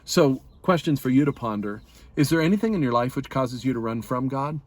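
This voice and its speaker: A man's voice: mid-range voice, fairly quick. Man explaining a psalm in casual talk. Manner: relaxed, explanatory, with fillers and restarts. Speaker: Bible teacher. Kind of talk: conversational Bible study talk.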